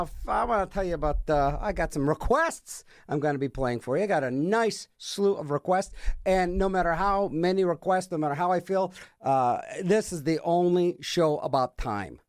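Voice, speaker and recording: Brief: middle-aged male radio DJ, bouncy lively delivery, slightly high, dry studio mic. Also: no room sound. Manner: jokey, rambling, sarcastic. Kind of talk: casual rambling radio chat. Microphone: studio microphone.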